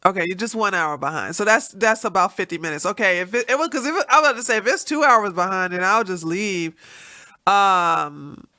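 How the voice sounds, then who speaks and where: A woman's voice: medium pitch, brisk, bright, forceful tone. Stuffy-nosed woman rambling on a livestream. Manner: rambling, chatty, laughs often. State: stuffed-up nose from allergies. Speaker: livestream host. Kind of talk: casual livestream chat.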